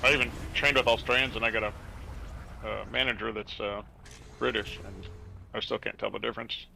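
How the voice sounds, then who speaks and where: A man's voice: lowish voice, steady tone, brisk, gravelly, noisy background. A man chatting easily with friends over voice chat during a game, poking fun at himself. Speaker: teammate on voice chat. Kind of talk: casual gaming chat.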